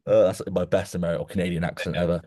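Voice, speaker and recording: Young podcast host, low-pitched, animated rambling storyteller, dry close sound. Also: male voice, racing, dry recording. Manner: animated storyteller, many restarts, keeps saying "mate". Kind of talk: casual chat.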